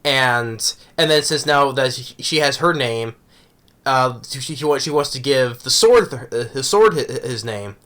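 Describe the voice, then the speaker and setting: A man's voice: medium pitch, animated, measured pace, fairly bright tone. A man giving a casual, rambling review of an anime episode, often tagging on "right?".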